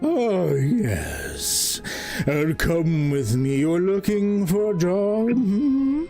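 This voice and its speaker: A man's voice: high voice, very animated, very slow, warm tone, faint music behind, pitched above the performer's own voice, heavily acted. A man voicing a cheery, polite male wizard boss with a third eye in a tabletop game. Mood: genteel.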